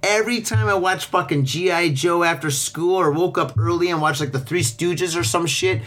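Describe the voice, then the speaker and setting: Profane, animated male podcast host. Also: sits high, normal speed. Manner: profane, animated storyteller who acts out voices. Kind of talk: casual chat.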